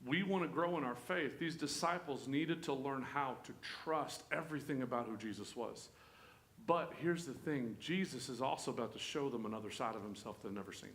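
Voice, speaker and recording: A man's voice: medium pitch, brisk, a bit bright. A man leading a church Bible study, in a folksy, joking, conversational way. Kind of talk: conversational sermon. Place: church room. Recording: echoey room.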